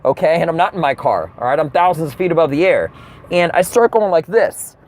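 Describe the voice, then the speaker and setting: A man's voice: fairly high pitch, a little fast. A man telling a comedic rant from his car, acting out the people in his story. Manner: animated storytelling with acted-out quotes.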